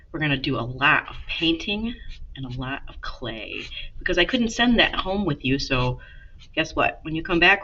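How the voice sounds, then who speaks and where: A chatty woman teaching a drawing lesson to children, encouraging and talking right to them. Her bright, fairly low voice swings up and down a lot. The laptop recording sounds a little muffled, with faint hum behind her. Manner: chatty, encouraging, talks to students directly. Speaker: art teacher. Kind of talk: casual drawing lesson for kids.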